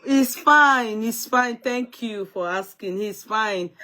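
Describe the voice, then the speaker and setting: A woman's voice: fairly high pitch, slow pace, bright, forceful tone. A middle-aged woman with a Nigerian accent, chatting casually and slipping in Yoruba phrases. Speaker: host. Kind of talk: casual group chat.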